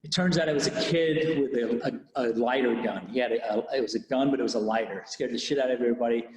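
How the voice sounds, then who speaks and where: A police officer recounting a personal experience in an interview, candid and halting, with many restarts. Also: male voice, mid-range voice. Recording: echoey room with long reverb.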